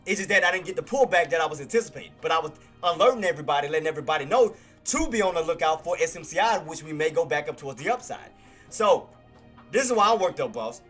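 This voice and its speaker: Male livestreamer, high bright voice, excitable, repetitive, faint music behind. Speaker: livestream trading streamer. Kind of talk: live commentary chat.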